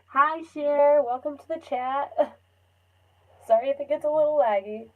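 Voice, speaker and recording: Young female streamer, slightly high voice, casual rambling phone-stream chat with easy laughs. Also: takes it slowly, phone-quality sound. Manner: rambling, laughs often, many fillers. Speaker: livestream host.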